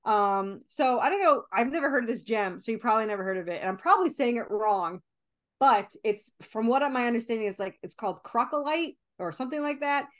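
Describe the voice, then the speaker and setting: Animated woman guest with a higher voice. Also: brisk. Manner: animated, filler-heavy storytelling with laughs. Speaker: guest comic creator and co-author. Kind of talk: casual interview chat.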